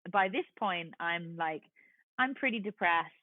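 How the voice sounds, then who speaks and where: A woman in her forties with an English accent, a guest telling a lively story and acting out the voices of the people in it. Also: fairly low pitch, a little slow, no room sound. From London. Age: 40s. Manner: lively, acts out quoted voices. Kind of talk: storytelling in a casual chat. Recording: tinny phone-like line, dry.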